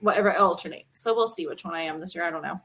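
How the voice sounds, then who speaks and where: A woman in her thirties co-hosting a casual podcast, telling stories with lively energy, swearing freely and acting out her kids' voices. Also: on the low side, rapid-fire, slight background noise. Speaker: podcast co-host. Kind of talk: casual chat.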